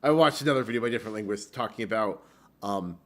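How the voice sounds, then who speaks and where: A man's voice: on the low side, fast, a bit bright. A man co-hosting a casual podcast, talking in a meandering way with many fillers and restarts. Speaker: podcast co-host. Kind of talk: casual chat.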